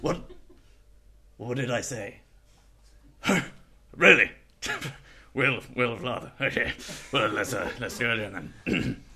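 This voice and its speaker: A man's voice: medium pitch, expressive, takes it slowly, long pauses, sharp tone, slightly rough. A man, a comedy performer playing a voice-over artist in a sketch, casual and easily flustered.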